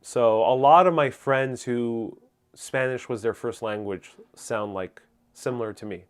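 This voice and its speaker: A young man with a Nuyorican accent from Queens, answering viewer questions in a relaxed, rambling way with plenty of fillers. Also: medium pitch, measured pace, smooth. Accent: New York Puerto Rican, Queens. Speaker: host. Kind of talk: casual livestream Q&A.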